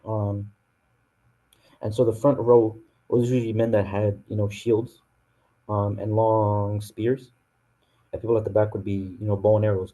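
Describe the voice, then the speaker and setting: A man with a North American accent teaches verse by verse in a loose, easygoing classroom manner, pausing often to restart his sentences. His voice sits fairly low and sounds very dark and mellow, with a slightly husky edge. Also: poor audio. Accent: North American English. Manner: relaxed, full of fillers and restarts. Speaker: Quran teacher. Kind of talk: casual classroom explanation.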